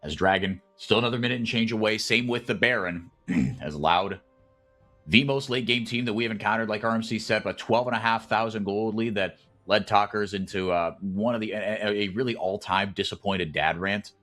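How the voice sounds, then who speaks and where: A man calling esports play-by-play, chatty and rambling, who gets loud and excited when fights break out. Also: lowish voice, fairly quick, faint music behind. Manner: excitable, rises sharply in big fights. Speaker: play-by-play caster.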